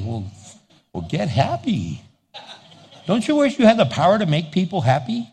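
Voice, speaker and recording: Animated pastor man, hall echo. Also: a little high, moderate pace, slightly rough. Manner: animated, acts out little dialogues, laughs often. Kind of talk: sermon. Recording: long hall reverb.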